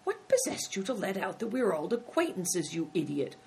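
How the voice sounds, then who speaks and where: A woman reading an audiobook, voicing a secretive, menacing man who mutters threats in a low voice. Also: very animated, moderate pace, gravelly, darkish tone, slightly rough, heavily acted. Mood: threatening.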